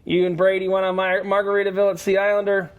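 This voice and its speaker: A man hosting a casual chat, telling animated stories with lots of restarts. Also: high voice, quick pace, smooth. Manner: animated storyteller, trailing restarts. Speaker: show host.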